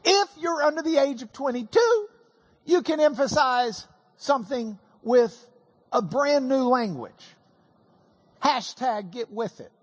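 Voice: high voice, lively intonation, measured pace, breathy edge, big-room sound. A preacher giving a folksy, joking Bible-teaching sermon to a congregation.

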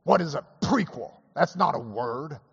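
A hoarse man doing an impression of an older male judge who holds court and quizzes the table. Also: a little high, animated, moderate pace, fairly bright tone, in a large hall, dull audio, full character voice. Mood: probing.

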